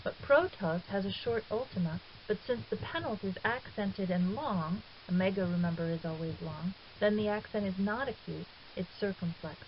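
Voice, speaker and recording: A woman calmly explaining a grammar lesson as a recorded teacher, patient and step by step, now and then correcting herself. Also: medium pitch, normal speed, hardly any pauses. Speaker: Greek teacher. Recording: dull hissy lo-fi 2009 recording.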